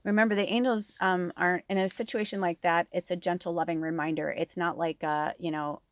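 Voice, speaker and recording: A woman's voice: lowish voice, fairly even intonation, fairly quick, dry recording. A woman giving a casual tarot reading to her viewers, talking in a chatty, rambling, gushing way with plenty of fillers. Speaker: tarot reader and medium.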